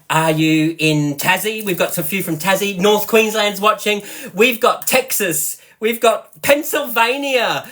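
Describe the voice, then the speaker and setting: An Australian man hosting a live cooking demonstration, chatty and excitable, often giggling as he talks to viewers. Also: high voice. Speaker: host, product seller.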